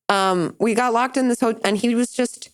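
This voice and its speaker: A young woman hosting a podcast, telling candid stories in casual chat and jumping high in pitch when she quotes people. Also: steady tone, moderate pace, clear, resonant tone. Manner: candid, rambling storytelling with big pitch jumps for quoted voices. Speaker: podcast host.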